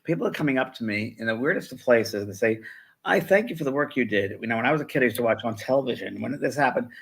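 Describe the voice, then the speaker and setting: Expressive and fast, his mid-range voice sounds creaky and husky with a touch of brightness. He is a man in his sixties co-hosting a live spiritual show as a medium, chatting through stories and mimicking what others said.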